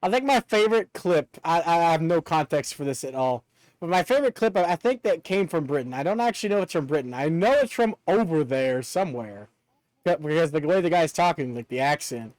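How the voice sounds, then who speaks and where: A chatty man streaming a game, talking in a high and very lively voice that jumps around a lot. He jokes and laughs easily with his chat. The sound is close and dry, with no room echo. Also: a little fast. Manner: joking, chatty, laughs often. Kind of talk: casual gameplay chat.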